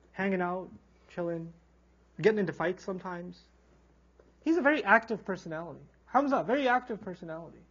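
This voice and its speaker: A man giving a humorous Quran lecture as a teacher, animated and acting out characters as he tells stories. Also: high voice, breathy edge, lo-fi sound. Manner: animated storyteller, acts out quoted characters. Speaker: Islamic teacher.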